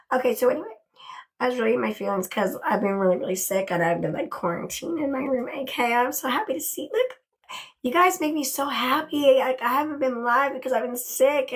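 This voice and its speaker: A woman's voice: on the high side, gravelly. Gushing, chatty woman on a livestream. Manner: gushing, chatty, thanks viewers often, swears casually. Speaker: livestream host. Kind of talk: casual livestream chat. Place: her bedroom.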